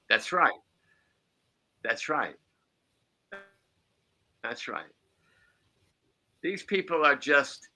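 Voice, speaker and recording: A man's voice: medium pitch, pushed and bright. A man hosting a podcast as a psychic medium, chatting casually in a rambling way with chuckling asides.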